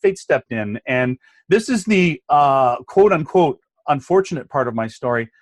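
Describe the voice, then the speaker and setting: A man in his forties with a slightly high voice tells his story with earnest feeling. He acts out old conversations as he goes, and the recording is dry and close. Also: expressive, moderate pace, no echo. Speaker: abundance coach, guest. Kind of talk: conversational podcast interview.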